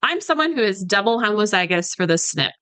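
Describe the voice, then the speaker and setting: A woman's voice: medium pitch, very animated, brisk, fairly bright tone, dry recording, low-quality recording. A woman dietitian in her thirties, a podcast guest explaining supplements in an easygoing way, with lots of "like" fillers. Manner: explanatory, many "like" fillers, mimics patients. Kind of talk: podcast conversation.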